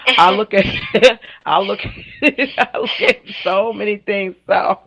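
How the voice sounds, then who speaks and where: A woman's voice: mid-range voice, slow, gravelly, rough recording. A woman guest on a radio talk show, sassy and outspoken, telling stories with lots of laughter and acting out the people in them. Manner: animated storyteller, laughs often, acts out the people in her stories. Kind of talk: casual radio interview chat.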